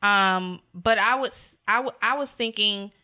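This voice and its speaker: Female co-host, earnest and animated, mid-pitched voice, thin narrow audio. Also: a little slow. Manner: earnest, animated, says "you know" often. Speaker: podcast co-host. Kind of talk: casual conversation. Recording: phone-like narrow sound.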